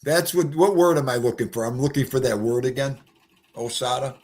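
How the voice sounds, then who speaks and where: A man's voice: mid-range voice, fairly quick, darkish tone. A man hosting a casual livestream chat, rambling and emotional as he talks to his guests and the chat. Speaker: livestream host.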